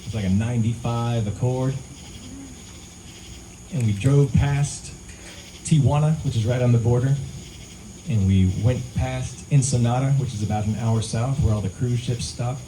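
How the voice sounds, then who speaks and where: A man with a mellow, warm voice of ordinary pitch spins a laid-back story between songs at an outdoor concert. He talks casually into a stage mic, and crickets chirp faintly in the night air behind him. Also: moderate pace, long pauses, a little hiss or hum, rough recording. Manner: relaxed, conversational, laughs at own story. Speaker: singer-songwriter performing live. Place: live music venue, outdoors among pines.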